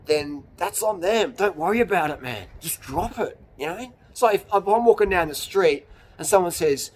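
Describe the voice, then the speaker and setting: A man's voice: high-pitched, expressive, normal speed, a little mellow. A man, a YouTuber giving a blunt, rambling motivational rant outdoors in the hills, swearing and laughing at his own jokes. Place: outdoors in the hills on a cold evening.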